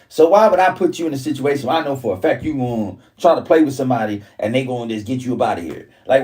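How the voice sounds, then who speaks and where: A man spins a rowdy, profane story in casual talk. His pitch swings widely and leaps high whenever he acts out what he said. He sits a little back from the mic, so his voice sounds slightly distant. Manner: animated, profane street talk, jumps high when quoting himself.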